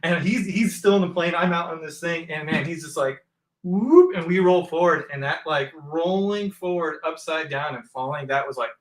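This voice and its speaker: Male podcast host from northern Arizona, relaxed and bright, echoey room. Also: fairly high pitch, moderate pace, few pauses. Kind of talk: casual chat.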